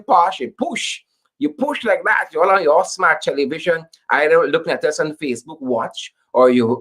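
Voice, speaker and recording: A young man with a Guyanese accent hosts his own political commentary show. His voice sits a little high, and he talks in an animated, joking way, repeating phrases for emphasis. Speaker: host.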